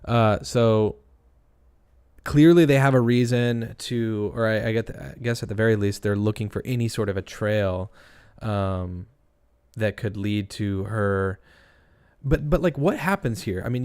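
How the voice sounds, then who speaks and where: A man's voice: mid-range voice, darkish tone, clear, resonant tone. A young man hosting a casual true-crime livestream, thinking aloud and rambling with restarts while reading chat. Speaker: livestream host.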